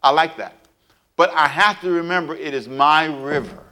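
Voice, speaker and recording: A man preaching a sermon in an animated way, acting out little scenes with sound effects and playful asides. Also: fairly high pitch, normal speed. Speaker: pastor.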